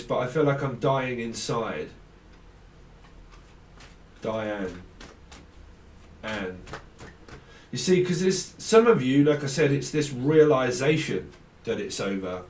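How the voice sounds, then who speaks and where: Male tarot reader, rambling and giggly, mid pitch, echoey room, distant mic. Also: expressive, unhurried, pauses often, darkish tone, slight background noise. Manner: rambling, free-associating, laughs often. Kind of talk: casual tarot channelling.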